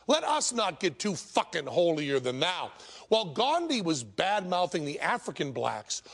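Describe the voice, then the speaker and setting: A man's voice: high-pitched, gravelly, fairly bright tone. A man hosting and narrating a comic documentary in a sarcastic, profane way. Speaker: host and narrator.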